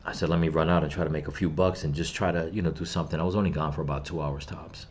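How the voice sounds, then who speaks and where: Racing along in an extremely low pitch with fairly even intonation, this middle-aged channel host grieves his loss, then bitterly swears up a storm at whoever he holds responsible. It's an angry personal vlog rant, with slight background noise in the recording.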